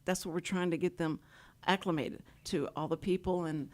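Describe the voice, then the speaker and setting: A woman's voice: on the low side, fairly even intonation, moderate pace. A woman from Houston hosting a talk show, rambling and laughing often as she chats with guests. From Houston, Texas. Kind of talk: casual chat. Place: radio studio.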